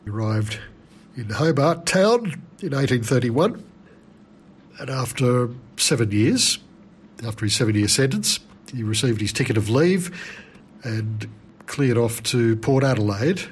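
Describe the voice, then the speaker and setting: A man's voice: mid-range voice, unhurried, pauses often, a little hiss or hum. Chatty male radio folk presenter. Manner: relaxed, chatty, with filler "uh"s.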